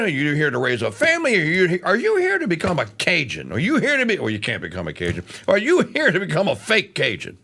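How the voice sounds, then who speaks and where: Speaking quickly with hardly any pauses, a talk radio host from Louisiana tears into a heated political monologue. He has a bright, gravelly voice whose pitch swings lively and leaps about, moving from muttering asides up to shouting.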